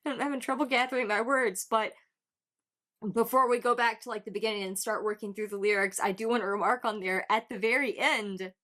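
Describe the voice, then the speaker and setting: Woman with a slightly high voice hosting a music reaction video, earnest, gushing, halting. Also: fairly even intonation, sharp tone. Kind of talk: casual music reaction commentary.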